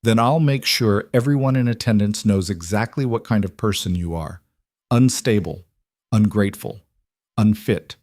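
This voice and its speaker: A man's voice: on the low side, normal speed, a little mellow, no echo, studio quality, close to an everyday voice. A man voicing a cold, controlling aristocratic matriarch with an icy, commanding manner.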